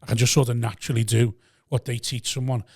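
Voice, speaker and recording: A man's voice: mid-range voice, flat delivery, fast talker, a little mellow, slightly rough. A man co-hosting a podcast, asking long rambling questions full of restarts. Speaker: podcast co-host, stand-up comic. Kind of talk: casual podcast chat.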